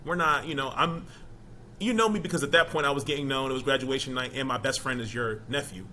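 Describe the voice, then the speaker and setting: Man guest, interview, bright forward voice, emphatic and chatty, faint hiss behind. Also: mid-range voice, fast talker. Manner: conversational, emphatic, asks "you know what I mean?". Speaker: interview guest, former college football player. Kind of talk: casual interview talk.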